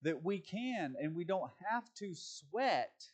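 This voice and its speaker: A man's voice: high-pitched, very animated, takes it slowly. A man preaching a conversational sermon, folksy and chatty, with frequent fillers and restarts. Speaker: pastor.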